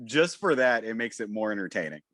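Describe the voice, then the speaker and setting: A man's voice: fairly low pitch, sing-song, fairly quick, a bit bright, no echo, studio quality. A man co-hosting a casual film podcast over a video call, arguing his point wryly. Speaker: podcast co-host.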